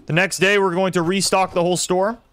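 A young man streaming a simulator game, commenting excitedly and talking to his chat as he plays. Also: high voice, fairly quick, clear, resonant tone. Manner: excitable, talks to chat while playing. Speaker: gaming streamer. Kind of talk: live gameplay commentary.

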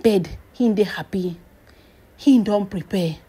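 Husky Nigerian woman dishing dramatic gossip. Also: mid-range voice, warm tone. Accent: Nigerian Pidgin English. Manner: emphatic, drawn-out phrases, whispered asides, sudden exclamations. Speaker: celebrity gossip commentator.

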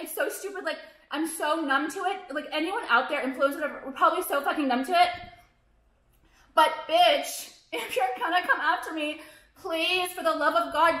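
A woman's voice: high-pitched, pushed and bright. A woman in her thirties, a fashion vlogger, ranting bluntly and profanely to the camera, rambling with lots of fillers. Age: 30s. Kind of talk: casual ranting monologue to camera. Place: room at home with white walls. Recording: echoey room.

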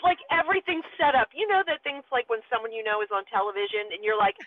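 A woman in her forties telling a story in lively casual talk, acting out the voices of the people in it, calling in from her parked car. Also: on the high side, quick pace, noisy background. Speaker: guest. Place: car, pulled over. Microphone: phone call. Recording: tinny phone line.

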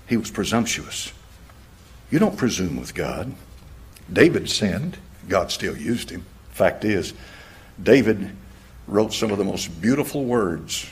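A male pastor preaching a sermon, swinging between loud passages and hushed, near-whispered lines. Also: fairly low pitch, very animated, slow, pauses often, husky.

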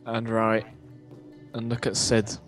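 A man's voice: fairly low pitch, monotone, slow, faint music behind. Joking young man in gaming banter. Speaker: co-host. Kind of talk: casual let's-play chat.

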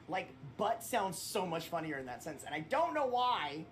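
A man streaming a video game, rambling and swearing loudly in casual commentary. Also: sits high, sing-song, moderate pace, hardly any pauses, a little hiss or hum. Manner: loud swearing outbursts, rambling.

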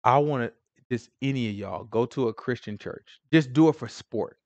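A man teaching scripture in an informal, emphatic sermon style, swinging from loud declarations to hushed asides. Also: medium pitch, moderate pace, no room sound. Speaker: Bible teacher.

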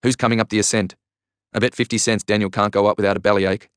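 Man reading as jolly old grandpa, teasing, low voice, dry sound. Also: flat delivery, fast, smooth, no room sound, close to an everyday voice. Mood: jovial. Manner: jovial, teasing.

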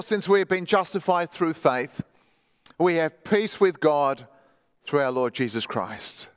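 High-voiced preaching man in reverberant church. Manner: emphatic preaching, reads quoted stories aloud. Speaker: pastor. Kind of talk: sermon. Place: church hall.

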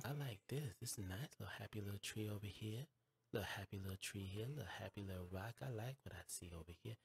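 A man hosting his own live game stream, trash-talking and reacting loudly as he plays. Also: lowish voice, fast, creaky, slightly rough, dry recording. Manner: excitable, talks back to the game, trash-talking; bursts into shouts and squeals when surprised. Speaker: gaming streamer host. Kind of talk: live gameplay commentary.

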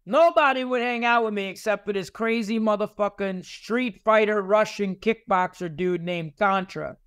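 A man, a podcast guest telling rough street stories in a casual, profane, animated way. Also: high-pitched. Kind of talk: casual storytelling.

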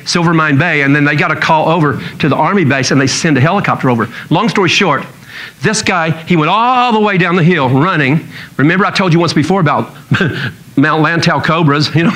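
A man's voice: a little high, fairly bright tone, poor audio. A man pastor preaching a sermon in a conversational storytelling way, chuckling now and then.

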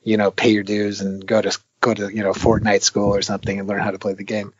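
An older man, a game designer, talking casually in an interview, rambling with lots of fillers and animated retellings. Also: fairly low pitch, quick pace, breathy edge, no echo, dull audio. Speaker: veteran arcade game designer, guest.

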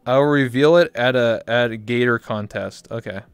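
A man's voice: medium pitch, moderate pace, smooth, no echo. A man hosting a live-stream interview in casual chat, joking crudely and swearing a lot. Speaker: talk show host. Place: virtual reality chat stream.

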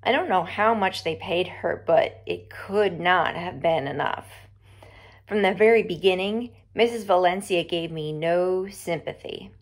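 A woman reading a novel aloud to her students, slow and expressive, dropping to a whisper at times. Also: fairly low pitch. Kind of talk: storybook read-aloud.

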